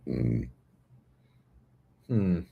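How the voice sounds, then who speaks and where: Over phone-quality sound, a man with a rumbling low, gravelly voice with a breathy edge speaks very slowly yet very animatedly. He's hosting a sports betting livestream, chatting casually and profanely straight to his chat.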